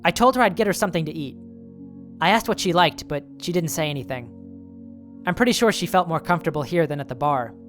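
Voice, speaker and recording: A man's voice: fairly high pitch, expressive, fast talker, a bit bright, faint music behind. A man reading a horror story aloud in the first person, in a nervous, self-justifying telling. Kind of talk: scripted horror story narration.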